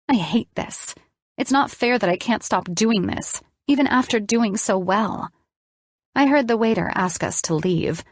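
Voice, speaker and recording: A woman's voice: on the low side, vocal fry, no room sound, studio quality. A woman narrating an audiobook in the first person, reading expressively.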